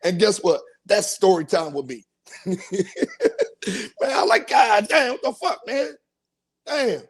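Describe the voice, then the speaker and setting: A man's voice: sits high, big pitch swings, takes it slowly, husky. A man hosting a podcast, telling a profane comic story and acting out voices and sound effects. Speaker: podcast host.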